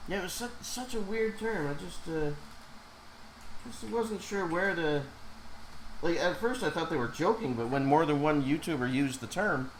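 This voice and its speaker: A man's voice: fairly high pitch, lively intonation, moderate pace, a little hiss or hum, rough recording. A man who has a cold, chatting casually while streaming live as an animator and reacting to his chat.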